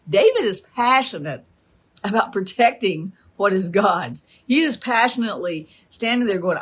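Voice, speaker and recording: A woman leads a Bible study in a husky, slightly breathy voice. She tells the story with animated energy and acts out the quotes. The recording sounds dull and lo-fi. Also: mid-range voice, moderate pace.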